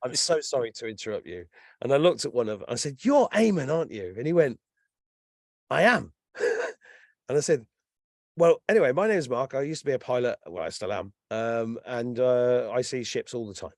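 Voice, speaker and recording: An English man in his fifties, telling stories in a casual chat as a guest, animated and swearing freely. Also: mid-range voice, fairly quick, no echo, clean studio sound. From England. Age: 50s. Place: lives in Ireland.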